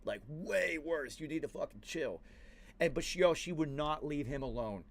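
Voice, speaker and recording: A man's voice: fairly high pitch, expressive, a little fast. A man hosting a podcast, telling a story in a casual, slangy, profane way. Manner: slangy and profane, says "yo" and "dude" a lot. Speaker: podcast host.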